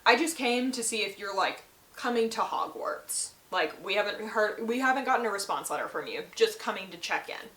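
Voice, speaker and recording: A woman's voice: mid-range voice, animated, fairly quick, sharp tone. Brief: a protective half-giant gamekeeper speaking in casual paraphrase, as a woman reads him, roomy sound. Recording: roomy echo.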